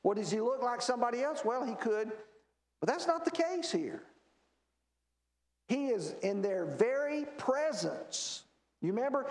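A man's voice: very high voice, a little mellow. A man teaching a Bible class in a church, explaining verses and asking the class rhetorical questions. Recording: echoey church room.

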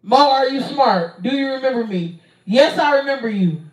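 A young woman streams live, answering viewers' questions in a slow, unhurried drawl full of ums and casual swearing. Her voice sits a little high and carries the echo of a roomy space, picked up from a distance. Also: animated. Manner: profane, blunt, hesitant with frequent ums. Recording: roomy sound, distant from mic.

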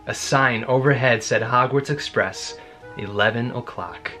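A man's voice: medium pitch, pushed and bright. A man hosting a chatty, enthusiastic read-along and unboxing video, reading a children's fantasy book aloud. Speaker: book collector host.

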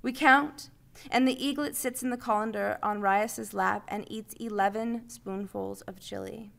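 A woman reading her short story aloud in lively, expressive narration. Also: medium pitch, measured pace, creaky.

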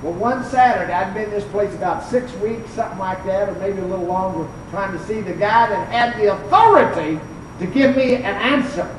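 An older preacher giving a fervent revival sermon, telling stories and rising to shouts at the peaks. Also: medium pitch, a little fast, background noise. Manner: fervent, storytelling, rises to shouts. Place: church sanctuary. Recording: echoey church, mic far off.

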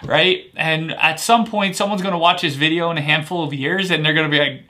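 A man in his thirties, a life coach giving a motivational talk to camera, energetic and checking in with "right?" often. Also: a little high, a little fast. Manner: energetic, punctuates points with "right?".

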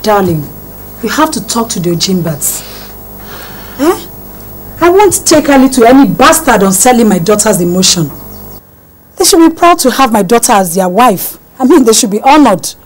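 Proud mom, middle-aged, soothing but haughty. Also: female voice, on the high side, sing-song, moderate pace, a little hiss or hum, rough recording. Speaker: mother. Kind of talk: film drama dialogue.

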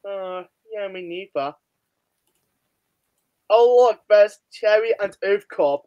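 A host in an excited reaction chat with friends, who laughs a lot and swears in disbelief. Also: mid-range voice, slow, clear, resonant tone, highs cut off.

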